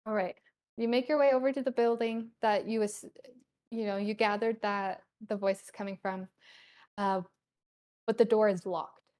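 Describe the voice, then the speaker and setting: A woman narrating a tabletop game as game master, halting with many ums and you-knows. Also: medium pitch, steady tone, darkish tone.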